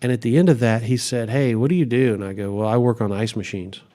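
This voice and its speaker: A man's voice: mid-range voice, fast, dark tone. A middle-aged man and pastor telling a story in a casual interview, acting out quotes and laughing often.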